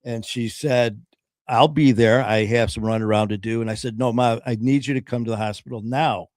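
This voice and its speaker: An earnest man tells his own story in casual talk, pausing and restarting as he goes. His voice sits in a middle register and is recorded with a dry, close sound. He voices the people he quotes in his own voice. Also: medium pitch, fairly even intonation, darkish tone, no room sound. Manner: earnest, halting, often pausing with "um".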